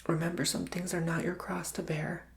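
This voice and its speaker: A man giving an ASMR tarot reading, often whispering, speaking softly and reassuringly straight to the listener. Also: fairly high pitch, level tone, normal speed, creaky. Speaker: tarot reader.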